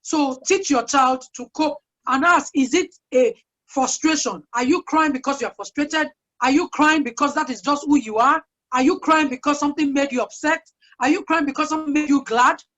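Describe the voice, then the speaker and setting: On a dull lo-fi recording, a woman whose voice sits high and a bit bright talks at normal speed. She's a guest speaker giving an earnest parenting talk, chatty and rich with anecdotes from her own life.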